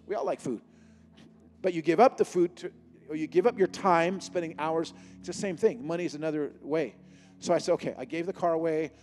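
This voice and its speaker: A man preaching a sermon, telling a humorous testimony and acting out conversations in an animated storytelling manner. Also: sits high, long reverb tail.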